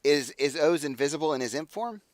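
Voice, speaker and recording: A man narrating as game master, relaxed and rambling with many fillers. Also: on the high side, fairly quick, no room sound.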